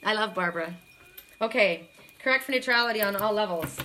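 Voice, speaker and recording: A woman's voice: mid-range voice, a little fast, sharp tone. A middle-aged woman doing a live card reading, tired and emotional, chatting with viewers and often repeating herself. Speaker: oracle card reader.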